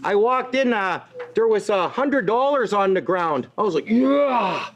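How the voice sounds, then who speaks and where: A man's voice: sits high, lively intonation, normal speed, lo-fi sound. A middle-aged man performing a stand-up set, telling stories with asides and "eh?" tags. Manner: storytelling with tag questions and asides, self-deprecating. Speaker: stand-up comedian. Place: indoor venue with live audience. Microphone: stage microphone on a stand.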